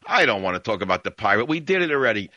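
A male talk-radio host riffing from a studio mic, opinionated and wandering from topic to topic with a sardonic edge. His voice is bright and his pitch swings widely as he talks. The studio sound is close and dry. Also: big pitch swings, racing, no room sound, dull audio. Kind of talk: talk radio monologue and call-in. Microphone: studio microphone.

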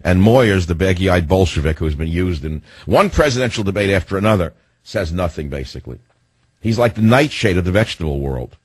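Talk radio host, man, older, low husky voice, mocking and ranting. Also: lively intonation, fairly quick, no echo. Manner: sarcastic, mocking, ranting with nicknames and sudden pitch jumps. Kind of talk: political talk radio monologue.

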